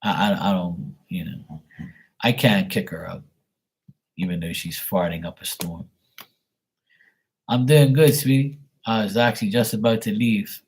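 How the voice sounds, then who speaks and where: A man's voice: on the low side, fairly even intonation, unhurried, pauses often, a little mellow, slightly rough. A man chatting casually to his viewers by name on a late-night livestream, rambling and teasing. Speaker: livestream host reading paid questions.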